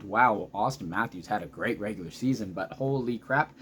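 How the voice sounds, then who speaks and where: A man in his thirties giving a casual, excitable recap of a hockey game as a vlogger, chatty and often losing his thread. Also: on the low side, moderate pace, few pauses, a little hiss or hum. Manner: excitable, chatty, loses track mid-sentence.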